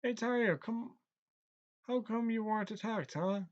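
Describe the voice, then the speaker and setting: An actor playing a surly young man who hunts heroes, gruff and scornful, given to cursing. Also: high voice, normal speed, highs cut off, natural voice. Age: young adult.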